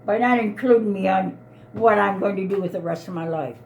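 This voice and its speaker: A woman's voice: medium pitch, brisk, gravelly, darkish tone, a little hiss or hum. A woman in her eighties, an elderly mother, arguing in an upset, pleading way and repeating herself. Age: 80s. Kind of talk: heated family argument.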